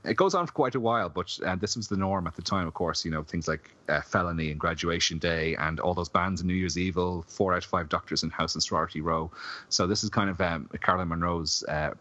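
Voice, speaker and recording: Male podcast co-host, very low voice, loose jokey delivery, dull dry lo-fi recording. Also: bright, forceful tone, no echo. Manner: rambling, filler-heavy, jokey. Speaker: podcast co-host, film reviewer. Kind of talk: casual chat.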